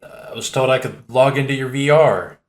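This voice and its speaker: A man's voice: mid-range voice, normal speed, reverberant, voice pushed up, close to an everyday voice. A man voicing a confused, frightened young man who stammers as he pleads, in an audiobook. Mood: pleading. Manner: stammering, nervous.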